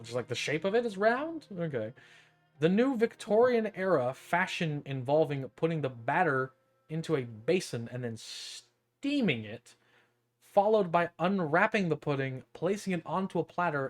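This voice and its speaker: A man's voice: a little high, lively intonation, normal speed, soft background music. A young man streaming, reading an article aloud and riffing on it in a profane, incredulous, joking way. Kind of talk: casual reading and commentary.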